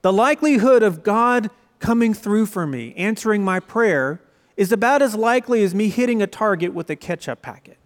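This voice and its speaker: A young pastor preaches a conversational, story-driven sermon with quoted asides, his high, expressive voice moving at a normal speed. The long reverb of a large hall surrounds him.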